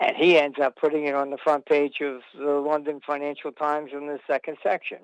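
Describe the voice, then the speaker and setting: A man's voice: a little high, level tone, a little fast, clear, resonant tone, no echo, muffled recording. A man telling long anecdotes as an interview guest, rambling with fillers and restarts.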